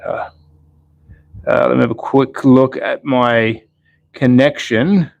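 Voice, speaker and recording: A man's voice: medium pitch, fairly even intonation, slow, creaky, darkish tone, no room sound, muffled recording. An Australian man hosting a casual live stream, chatting, thinking aloud and answering viewers' chat. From Australia, Melbourne. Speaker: slot car channel host.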